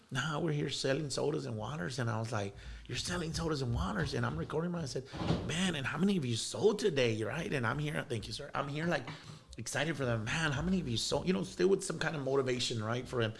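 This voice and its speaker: A man's voice: medium pitch, fast talker, gravelly, a little hiss or hum. A man, telling a heartfelt story as an interview guest, rambling with many fillers and bits of Spanish slang. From South Texas.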